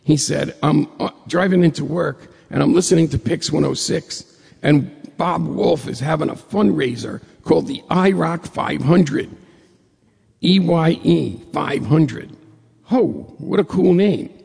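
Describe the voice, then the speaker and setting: A man from New York State telling a personal story to an audience in a lively way, acting out the dialogue as he goes. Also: fairly high pitch, normal speed, creaky, husky, big-room sound.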